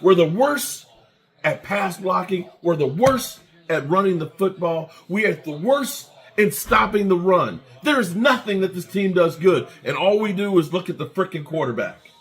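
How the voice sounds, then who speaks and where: A man's voice: sits high, expressive, a little slow, fairly bright tone, soft background music. A man hosting a fan channel, delivering an angry, repetitive rant with swearing.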